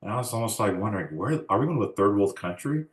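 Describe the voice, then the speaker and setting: He talks fast and expressively, his voice on the low side, in a reverberant room. The speaker is an American man in his forties whose oral history interview is full of reflective family stories with acted-out dialogue.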